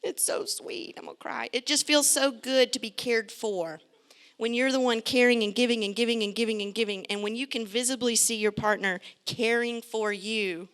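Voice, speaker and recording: A middle-aged woman, a pediatrician, giving a lively, joking and direct talk to parents. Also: mid-range voice, clear, resonant tone. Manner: chatty, direct, joking asides.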